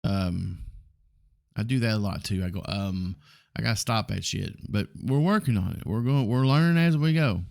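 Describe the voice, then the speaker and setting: A man's voice: lowish voice, moderate pace, vocal fry, darkish tone. A man in his forties with a Southern US accent, hosting a casual solo podcast and talking in a rambling, blunt way with plenty of ums and the odd curse. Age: 40s. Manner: rambling, blunt, frequent ums and mild swearing. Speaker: podcast host.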